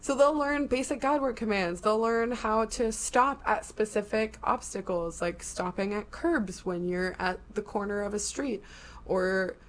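A woman chats casually on a podcast, her voice pitched in the middle range. She gives long, detailed explanations in a loose style filled with "like" fillers.

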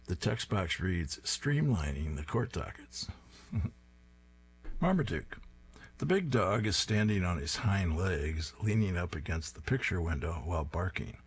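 A man describing comic strips panel by panel and reading them aloud in a steady, descriptive way with dry amusement. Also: low-pitched, a little slow, husky. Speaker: comics reader.

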